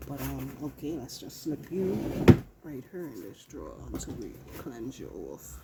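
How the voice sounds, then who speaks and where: A woman's voice: very deep voice, very animated, normal speed, heavy background noise. A woman with a British accent giving a casual collective tarot reading, chatty and loose, swearing and talking to herself as she handles her cards. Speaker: tarot reader.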